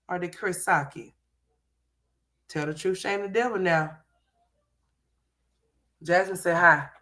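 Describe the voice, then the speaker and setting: Sassy bright-voiced woman roasting a vlog. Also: mid-range voice. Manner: sassy, scolding, talks back at the screen. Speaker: commentary host reacting to a vlog. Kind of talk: profane reaction commentary.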